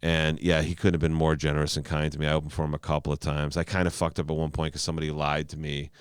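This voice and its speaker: A man, a stand-up comedian, telling stories on a podcast in a casual, animated way, with stammered restarts and frequent swearing. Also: very deep voice, fast talker, clear, resonant tone, no echo.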